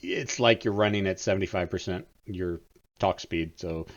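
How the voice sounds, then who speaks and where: A man's voice: low voice, normal speed, a little hiss or hum. Laid-back man on a dull call mic. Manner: relaxed, chuckling, repeats words. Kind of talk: casual game chat.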